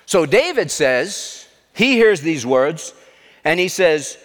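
Middle-aged pastor preaching, kinda high voice, punchy, long church-hall echo. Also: male voice, very animated, takes it slowly. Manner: emphatic, repetitive preaching. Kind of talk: sermon.

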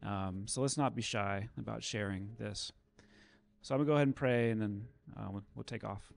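A man's voice: on the low side, normal speed, gravelly. A man closing a church service, talking casually and animatedly, with lots of "um" and "like", then leading a prayer. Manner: conversational, animated storytelling with fillers.

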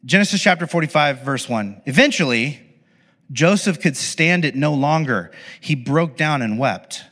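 A man delivers a sermon in a chatty, animated way, full of asides to his listeners. His voice sits a little high and sounds bright and forceful. A long hall reverb trails behind him. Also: moderate pace. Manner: conversational, animated, many asides. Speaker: preacher.

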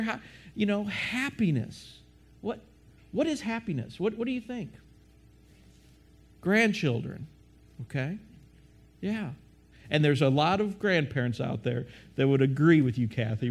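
A man preaching a sermon, questioning the audience often and restarting his sentences. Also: high-pitched.

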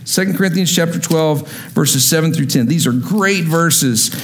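A man preaching a sermon, reading scripture and speaking to the congregation, climbing in pitch on emphatic lines and dropping low and quiet for serious points. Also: normal speed. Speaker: pastor.

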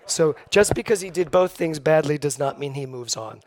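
A middle-aged man preaching a Sunday sermon, telling personal stories with lively, acted-out quotes. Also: a little high, moderate pace. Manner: storytelling, animated, acts out quoted voices. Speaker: minister. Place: church sanctuary.

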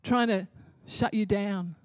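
A woman's voice: mid-range voice, slow pace, darkish tone, dry recording, studio quality. A woman preaching a sermon in an impassioned way, building to emphatic repeated phrases.

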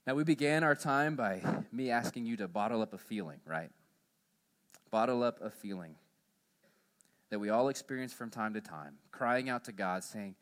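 A male pastor preaching a sermon in church, in a mid-range voice. He pushes his voice higher and louder to drive points home, then falls back low and quiet. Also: lively intonation, normal speed. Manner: emphatic, rising in pitch and volume on key points, dropping low and quiet to close them.

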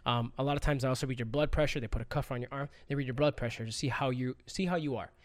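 A man on a casual podcast, swearing freely and telling stories with lively acted-out quotes. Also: medium pitch, very fast, dry recording, studio quality. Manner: profane, animated storytelling with acted quotes. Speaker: podcast guest.

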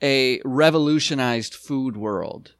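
A man co-hosting a casual podcast chat about a sitcom episode, animated and quoting the characters as he goes. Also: medium pitch, takes it slowly, clean tone, no room sound, studio quality. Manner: animated, quotes characters, restarts often. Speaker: podcast co-host.

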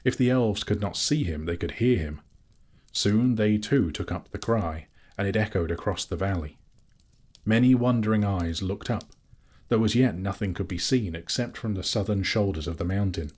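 A man reading a fantasy novel aloud as an audiobook narrator, in measured, steady storytelling. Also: on the low side, husky. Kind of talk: scripted narration.

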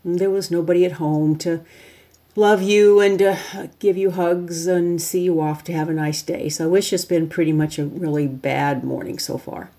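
A woman's voice: on the low side, fairly even intonation, normal speed, mellow. A woman presenting a teacher workshop, chatting her listeners through a hands-on exercise step by step. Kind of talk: instructional talk.

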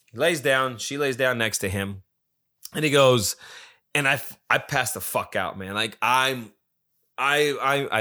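Guy rambling thru a story, swears a ton, keeps correcting himself, bright forceful voice. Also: mid-range voice. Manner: profane, rambling, acts out quoted friend; loses track and corrects himself. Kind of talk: casual storytelling.

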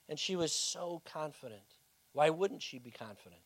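A male pastor preaching a sermon as dramatic storytelling, swinging from loud bursts to hushed tones. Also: on the high side, expressive, normal speed.

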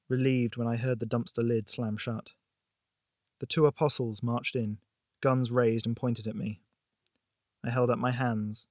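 A man reading a tense story aloud with steady, expressive delivery at a mid pitch. The recording is dry and close, with no room echo at all. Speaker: narrator. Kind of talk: audiobook narration.

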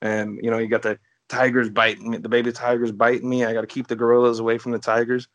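A relaxed man co-hosting a casual chat podcast. He strings his thoughts together with constant "like"s and casual swearing, at an ordinary middle pitch. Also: fast talker. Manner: laid-back, heavy on "like", frequent swearing. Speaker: podcast co-host.

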